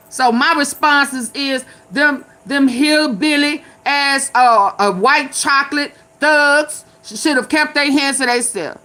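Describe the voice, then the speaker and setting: Older woman commentator, bright, a bit high, sassy and blunt, preachy riffing. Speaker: commentary vlogger. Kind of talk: casual opinion commentary.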